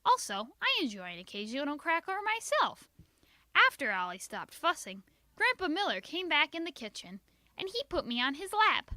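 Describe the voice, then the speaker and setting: Woman, children's book reading, high voice, bright, sing-song, expressive, dry close recording. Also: normal speed, no room sound. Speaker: reader. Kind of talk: children's book read-aloud narration.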